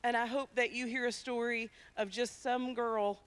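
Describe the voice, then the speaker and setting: A woman from Tennessee, a ministry founder giving a lively, emphatic testimony in a church. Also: fairly high pitch, normal speed, smooth. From Tennessee, USA. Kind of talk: personal testimony talk. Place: church sanctuary.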